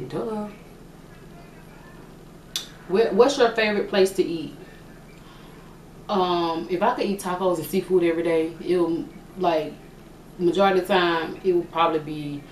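A young woman's low, slightly mellow voice carries through an echoey room with a faint hiss and a distant mic. She answers vlog questions in a chatty, joking way, often thinking aloud.

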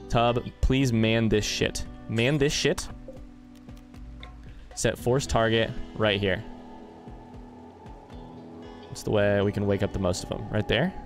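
A man's voice: fairly low pitch, level tone, slow, pauses often, faint music behind. A young man streaming a strategy game, casually chatting with viewers, reading chat aloud, swearing and bursting into frantic outbursts. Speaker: gaming streamer. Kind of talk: casual live-stream commentary.

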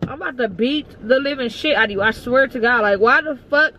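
A high-pitched woman talks inside a car and swears heavily. The sound is dull and lo-fi, with loud car noise underneath. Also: fairly quick. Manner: heavy swearing, upset and complaining. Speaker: prank channel co-host. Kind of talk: casual argument.

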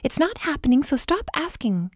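Woman doing a young woman who won't leave her sick guy, voice pitched way up, soft then stubborn. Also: very animated, brisk, slightly rough, dry recording, clean studio sound. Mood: defiant, tearful. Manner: soft and tender, then pleading and defiant. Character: young woman, fiercely protective and tearful lover. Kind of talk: audiobook character voice.

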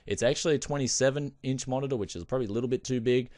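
A young man hosting a casual tech vlog, chatting to viewers as "guys" with animated asides. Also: medium pitch, racing, dry recording, clean studio sound. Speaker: tech video host.

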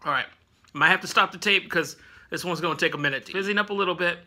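A man's voice: high voice, quick pace, sharp tone. A man hosting a casual snack review vlog at home, rambling with lots of fillers and laughing often.

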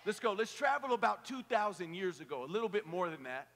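A man preaching an energetic youth sermon, joking with the crowd and leading call-and-response. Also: high voice, fairly quick. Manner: playful, joking, rallying the crowd. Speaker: pastor. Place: large hall at a youth camp. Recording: echoey hall.

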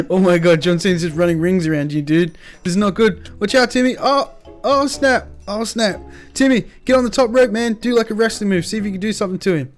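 A man hosting a game roleplay, hyped and exclaiming often with quick nervous laughs. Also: high-pitched, soft background music. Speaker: roleplay host and player. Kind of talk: excited Minecraft roleplay banter.

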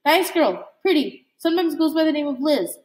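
A woman's voice: high voice, lively intonation, moderate pace, darkish tone. A woman reading as a stern knowing housekeeper. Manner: dry, probing. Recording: echoey room.

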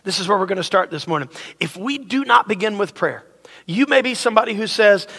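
Speaking a little fast in a high, expressive voice that is gravelly, pushed, bright, and slightly rough, a drawling middle-aged pastor jokes his way through a casual sermon. He draws his congregation into call-and-response, and the sanctuary adds long hall reverb.

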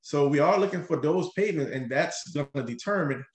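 Energetic man, roomy radio studio. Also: fairly high pitch, normal speed, crowd noise. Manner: energetic, explains things step by step, keeps tagging lines with "right?". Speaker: mortgage lender and show host. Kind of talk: conversational radio show talk.

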